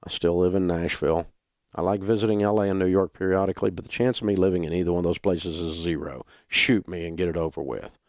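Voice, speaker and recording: A man's voice: low voice, steady tone, quick pace, darkish tone, no room sound, studio quality. An older man with a Southern US accent, a radio talk show host delivering a folksy, blunt, emphatic monologue. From Southern United States.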